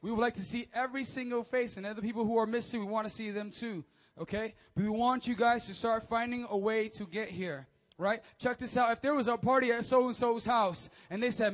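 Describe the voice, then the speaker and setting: A young man, a youth pastor, giving energetic, joking announcements and preaching to teens, often calling for amens. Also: extremely high pitch, brisk.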